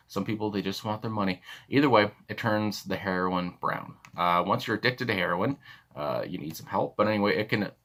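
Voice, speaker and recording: A young man with a deep, low voice talks casually about a song he just heard for his channel. He rambles, restarts his sentences and fills the gaps with plenty of "uh"s. The delivery is relaxed and unscripted, like someone thinking out loud. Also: fairly quick. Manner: rambling, many fillers and restarts. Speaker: music reaction channel host. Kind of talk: casual reaction commentary.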